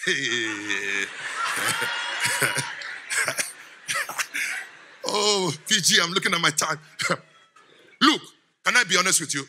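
A middle-aged man, giving a lively sermon as guest speaker, laughing often and quizzing the congregation. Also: fairly high pitch, slow, long pauses, background noise.

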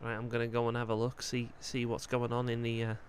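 A man's voice: mid-range voice, monotone, fast, a little hiss or hum, natural voice. A man doing a chatty Scouse medium. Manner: friendly, rambling, mate-and-lad slang. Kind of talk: role-play dialogue in a game.

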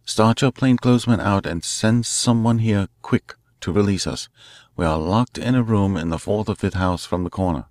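A man voicing a resourceful male detective, calling out urgently and excitedly. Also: on the low side, moderate pace, no echo, clean studio sound, lightly acted.

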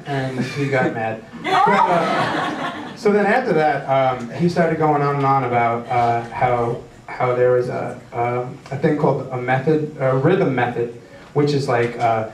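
A young stand-up comedian works through a rambling, self-deprecating routine with many stumbling restarts, his voice medium-pitched and his pace measured. It's captured from far off with roomy club sound and audience noise.

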